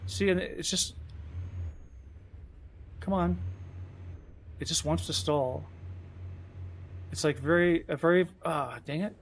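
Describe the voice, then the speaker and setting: Chatty man with a higher voice. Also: slow, pauses often, slight background noise. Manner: rambling, self-chiding, chatty. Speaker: game streamer. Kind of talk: casual live-stream commentary.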